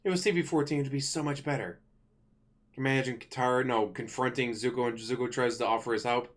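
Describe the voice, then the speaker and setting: A man's voice: medium pitch, steady tone, brisk. Rambling man ranting casually. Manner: rambling, self-correcting, blunt with profanity. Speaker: channel host. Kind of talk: casual rant to camera.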